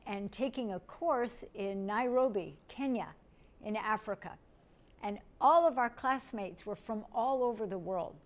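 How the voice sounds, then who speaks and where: A middle-aged woman from the United States, teaching a lecture in a gentle, step-by-step way and asking her listeners questions. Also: medium pitch. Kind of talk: recorded lecture.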